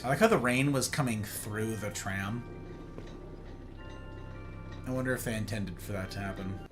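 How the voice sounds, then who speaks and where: A man's voice: lowish voice, normal speed, over music. A man casually commentating a video game live, playful and chatty, greeting his viewers. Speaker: game streamer.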